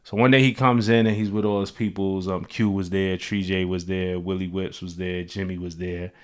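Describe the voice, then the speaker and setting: A man hosting a show, telling personal stories in a relaxed, loose way, full of "like" and "you know.". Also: low-pitched, moderate pace. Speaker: host. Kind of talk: casual storytelling.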